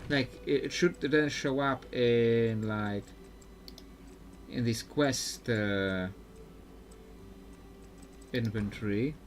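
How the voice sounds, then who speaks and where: A man's voice: mid-range voice, extremely slow, pauses often, a little hiss or hum. A man streaming live gameplay commentary, chatty and thinking aloud with frequent fillers. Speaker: streamer playing a video game.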